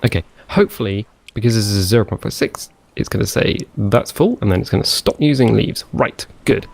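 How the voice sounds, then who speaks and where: A man's voice: fairly low pitch, fast talker, gravelly, slight background noise. A man casually commenting on his own gameplay, chatty and rambling, talking to himself as he goes. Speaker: gaming channel host. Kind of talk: casual let's play commentary.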